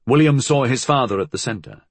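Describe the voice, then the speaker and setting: A man reading a novel aloud as an audiobook narrator, telling the story in a measured, expressive way. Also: medium pitch, creaky, slightly rough, no echo. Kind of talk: scripted narration.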